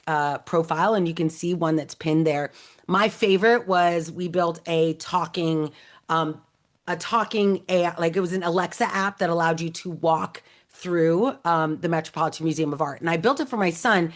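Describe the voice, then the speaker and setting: A woman in her thirties telling a personal story in a casual talk, acting out quoted dialogue with many fillers. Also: lowish voice. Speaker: AI educator.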